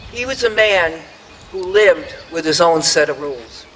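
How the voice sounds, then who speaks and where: A man's voice: on the high side, expressive, a little slow, fairly bright tone, big-room sound, slight background noise, poor audio. An older man giving a prepared, earnest speech at an outdoor memorial dedication, reminiscing about the past and acting out the voices he quotes. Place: outdoors at a public dedication ceremony.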